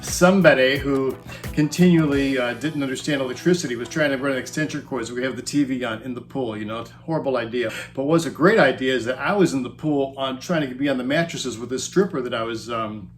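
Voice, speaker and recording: A man in his fifties, a former roadie telling tour stories, speaks quickly in a mid-range voice with music playing underneath. He rambles casually through a rowdy comic story, chuckling often.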